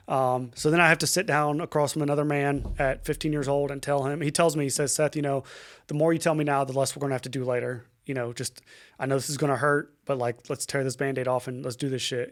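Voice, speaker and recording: A young adult man with a mid-range voice, appearing as a guest on a podcast, recounts a painful personal story. His delivery is halting and emotional, full of fillers, restarts and swearing.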